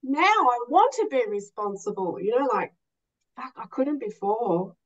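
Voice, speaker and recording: Higher-voiced woman talking real slow in a group chat, dull lo-fi audio. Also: big pitch swings. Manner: emotional, swears, laughs often. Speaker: study group member. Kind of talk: casual group discussion. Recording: dull lo-fi sound.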